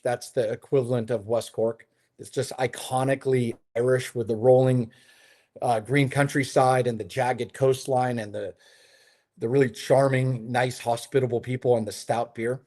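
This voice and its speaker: A man of middle pitch speaking as a guest on an interview call, relaxed and chatty. He rambles through his stories with plenty of ums, you-knows and restarts. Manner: chatty storyteller, many fillers and restarts. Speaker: hotel developer, interview guest. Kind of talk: casual conversational interview. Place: his home in Lisbon.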